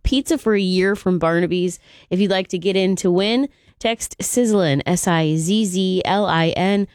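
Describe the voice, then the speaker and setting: A woman's voice: fairly low pitch, a little mellow, dry recording. Chatty radio host woman, dry studio. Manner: chatty, reads promos and entertainment news. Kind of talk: upbeat radio chat.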